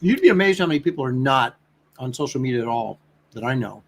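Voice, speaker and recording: A man's voice: mid-range voice, expressive, quick pace. A middle-aged man hosting a casual livestream, joking and wry. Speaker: host.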